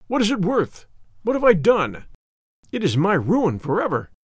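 A man voicing a proud, furious German spy who has just been captured, speaking grimly and deliberately in an audiobook. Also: high-pitched, huge pitch swings, slightly rough, no room sound, studio quality, pitched above the performer's own voice, exaggerated voice. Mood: bitter, despairing. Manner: bitter, grim and deliberate. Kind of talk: audiobook character voice.

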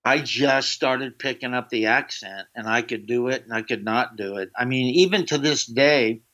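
A man's voice: mid-range voice, moderate pace, bright, forceful tone. Rambling male comedian, lo-fi sound. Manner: rambling anecdotes, slips into a drawling put-on voice for quotes. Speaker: comedian guest. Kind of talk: casual storytelling. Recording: dull lo-fi sound.

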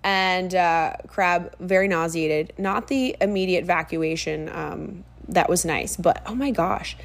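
A young woman chatting on her own podcast in a loose, animated way. She fills the talk with ums and quick side remarks. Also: fairly low pitch, vocal fry. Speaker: podcast host. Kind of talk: casual solo podcast chat.

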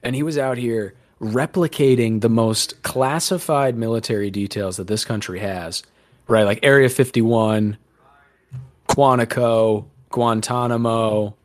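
A man's voice: medium pitch, measured pace, dry recording. Sarcastic rambling male podcast host. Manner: sarcastic, rambling, swears casually. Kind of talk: casual chat.

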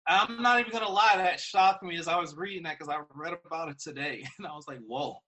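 A man's voice: high-pitched, fast, pushed and bright. A man in casual political chat, telling points as stories with a sarcastic edge. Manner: storytelling, sarcastic.

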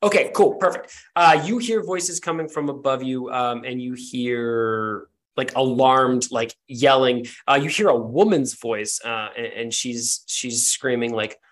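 A man's voice: mid-range voice, measured pace, a bit bright. A man narrating as game master in a casual, rambling way with many fillers.

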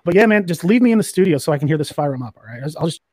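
Dude ranting about football refs, kinda high voice, super dry mic. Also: male voice, expressive, very fast, darkish tone, no room sound. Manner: profane, ranting complaint. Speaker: guest. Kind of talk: casual sports podcast chat.

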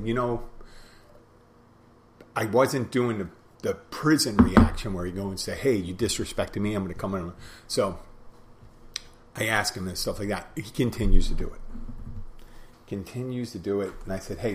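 With a lowish voice and slight background noise, this podcast host and bartender spins a bar story in a loose, rambling way. He keeps repeating phrases and acts out both people in the exchange.

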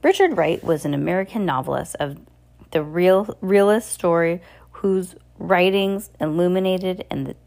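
Woman reading a novel aloud, slightly low. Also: normal speed, gravelly, a little mellow. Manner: unpolished, with slips and self-corrections. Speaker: reader.

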